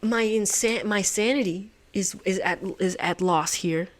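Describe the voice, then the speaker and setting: A woman's voice: medium pitch, a little slow. A woman hosting a puzzle channel, talking to herself as she solves, muttering, swearing and laughing at herself.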